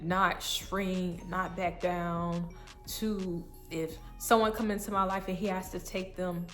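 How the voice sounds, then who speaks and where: A woman's voice: fairly low pitch, flat delivery, slow pace, fairly bright tone, soft background music. A woman telling an emotional personal faith story to her viewers in an earnest, repetitive way. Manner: earnest, repetitive, breaks into tears and laughs. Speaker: faith vlogger.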